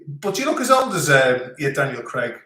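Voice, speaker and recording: A man's voice: mid-range voice, very animated, moderate pace, sharp tone. A middle-aged man hosting a live stream, chatting casually and rambling as he reads out viewer comments. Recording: echoey room.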